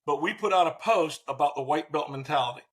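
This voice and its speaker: A man in his sixties, a former baseball manager, telling lively stories as an interview guest and acting out what people said. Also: fairly high pitch, quick pace. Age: 60s. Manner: animated, acts out quotes in voices. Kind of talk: storytelling in a faith interview.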